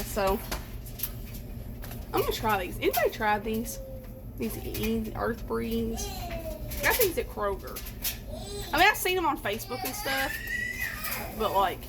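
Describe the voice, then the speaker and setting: A young woman rambles through a casual home vlog in a tired, folksy way. Her voice sits a little high and has a gravelly fry, with faint noise behind it. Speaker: vlogger.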